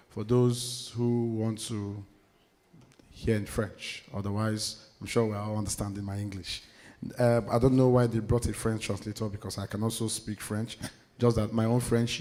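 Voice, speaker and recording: A man's voice: on the low side, darkish tone, in a large hall. A man emceeing a conference, making announcements in a chatty, joking manner. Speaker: master of ceremonies. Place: conference hall.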